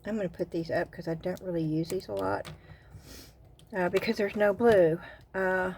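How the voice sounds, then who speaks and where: A woman with a Southern US accent chatting casually about craft finds, excited about bargains and rambling into little asides. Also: fairly low pitch, moderate pace, gravelly, noisy background. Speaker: craft vlogger. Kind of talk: casual haul and craft chat.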